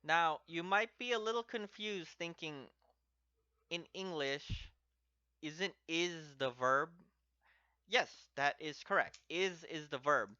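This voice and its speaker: Slow, bright-toned male language teacher. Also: on the high side, clear, resonant tone, no room sound. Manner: repeats each example word twice, patient and explanatory. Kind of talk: slow step-by-step language lesson. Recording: dry, slightly dull lo-fi recording.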